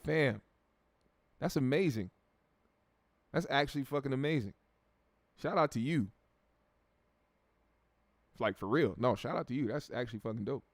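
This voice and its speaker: Chill american dude on a stream reading chat, swears a lot, mid voice, dry close mic. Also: male voice, mid-range voice, animated, normal speed, pauses often, dry recording. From United States. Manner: laid-back, profane, repeats words while thinking. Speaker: show host reading viewer comments. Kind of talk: casual livestream chat.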